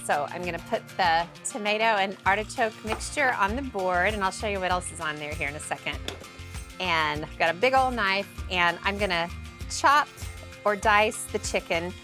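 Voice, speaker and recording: A woman's voice: medium pitch, moderate pace. A woman hosting a casual cooking demonstration in a home kitchen, chatty and playful as she talks with the crew. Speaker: cooking show host. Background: background music, sizzling pan.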